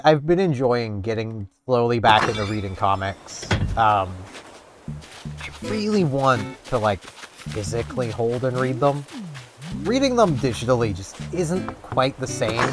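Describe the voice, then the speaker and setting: A man's voice: medium pitch, big pitch swings, measured pace. A man with a Canadian accent chatting casually and rambling while he plays a video game. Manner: rambling, chatty, self-mocking. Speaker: gaming vlogger. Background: game music.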